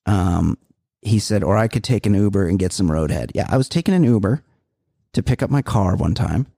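A man's voice: fairly low pitch, lively intonation, fairly quick, creaky, dark tone, husky, no echo, clean studio sound. A man co-hosting a comedy podcast, swearing a lot and rambling through stories. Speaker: podcast co-host. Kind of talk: casual comedy podcast banter.

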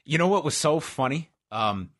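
A man's voice: a little high, animated, moderate pace, fairly bright tone. A man co-hosting a podcast, telling rambling, jokey stories in casual chat. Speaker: podcast co-host.

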